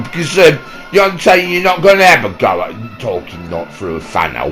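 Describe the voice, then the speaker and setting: A young man with a Yorkshire accent bickering and joking through improvised comedy banter, often shouting and squabbling. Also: medium pitch, moderate pace, faint music behind, rough recording. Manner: rowdy, squabbling, swears mildly. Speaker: channel host.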